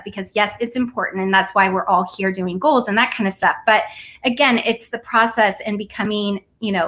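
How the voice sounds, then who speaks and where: A woman in her forties, talking earnestly and telling a personal story in a casual conversation. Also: medium pitch. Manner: earnest, animated storytelling with laughs. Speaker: guest.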